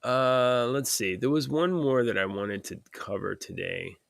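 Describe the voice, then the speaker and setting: A man co-hosting a casual podcast, talking in a relaxed, rambling way with lots of fillers. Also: medium pitch, a little slow, gravelly, no room sound, studio quality. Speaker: podcast co-host. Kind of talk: casual chat.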